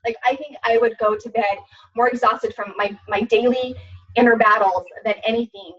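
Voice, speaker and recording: A woman's voice: on the high side, steady tone, normal speed. A woman in her thirties, a fitness coach, talking casually with lots of fillers and restarts in a webinar. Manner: chatty, many fillers and restarts. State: tearful at times. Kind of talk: casual testimonial chat. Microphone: webinar recording. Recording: distant, dull lo-fi webinar audio.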